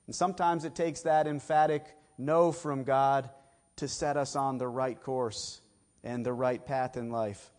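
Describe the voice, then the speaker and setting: A man's voice: mid-range voice, steady tone, a little slow, darkish tone. A middle-aged man from south of Boston with a Boston accent, preaching a sermon emphatically with folksy asides. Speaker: pastor.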